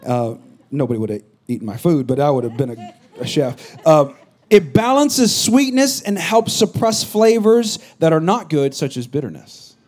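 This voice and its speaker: A middle-aged man giving a sermon with a fairly high voice. He talks casually and jokes with the congregation, then rises into loud, emphatic bursts. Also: big pitch swings, normal speed. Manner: conversational, joking preacher with rising emphatic bursts. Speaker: pastor.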